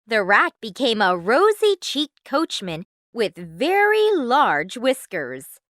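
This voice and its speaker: A woman reading a children's storybook aloud in a clear, measured, expressive way. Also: a little high, dry recording, studio quality.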